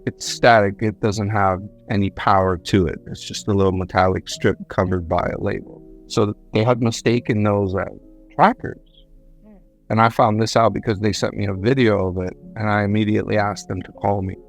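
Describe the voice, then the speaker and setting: Man, low voice, casual storyteller who trips over his words, faint music underneath. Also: fairly even intonation, moderate pace, creaky. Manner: rambling, self-correcting, repeats words. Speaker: guest, government contractor. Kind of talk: conversational storytelling.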